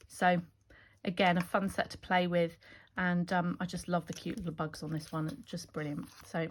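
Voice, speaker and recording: A woman's voice: on the low side, fairly even intonation, normal speed. A woman chatting enthusiastically as she shows off her craft stamp designs, with fillers and restarts. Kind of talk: casual product walkthrough.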